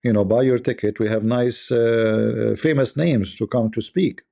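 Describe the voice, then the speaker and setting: Scornful gravelly-voiced male commentator. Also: medium pitch, fairly even intonation, unhurried, mellow. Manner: scornful, rhetorical questions, repeats himself. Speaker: online commentator. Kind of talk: casual live-stream commentary.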